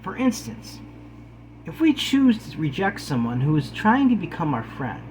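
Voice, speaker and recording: A man's voice: high-pitched, very animated, normal speed, a little mellow, a little hiss or hum, rough recording. A man giving an earnest, pleading talk to camera, calling his viewers guys and preaching kindness. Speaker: spiritual video host.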